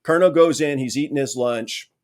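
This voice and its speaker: Guy on a podcast telling a long story, keeps saying "right?", self-mocking, medium pitch. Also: a little fast. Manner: lively, frequent "right?" asides, restarts; exasperated self-mocking humor. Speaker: podcast guest. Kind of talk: casual storytelling anecdote.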